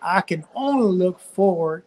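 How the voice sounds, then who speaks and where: A man's voice: high-pitched, animated, a little slow, a little mellow, low-quality recording. An older man with a Louisiana Southern accent, a physician guest talking folksy and preachy in a live online chat over a video call.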